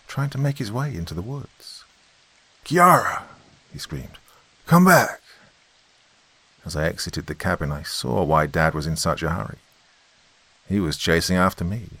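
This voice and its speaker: Deep voiced guy reading a horror story, tense and dramatic, dry close sound. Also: a bit bright, dry recording. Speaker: narrator. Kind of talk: first-person horror story narration.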